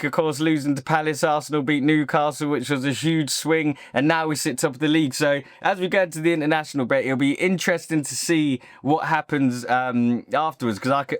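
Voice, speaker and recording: A man's voice: fairly high pitch, no room sound, clean studio sound. A man hosting his own football channel, giving an opinionated, casual reaction monologue. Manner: opinionated, talks straight to camera.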